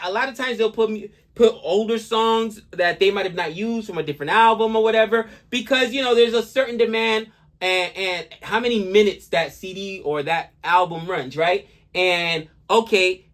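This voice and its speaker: Animated high-voiced man chatting. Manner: animated, talkative, quick asides. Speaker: reaction channel co-host. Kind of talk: casual chat.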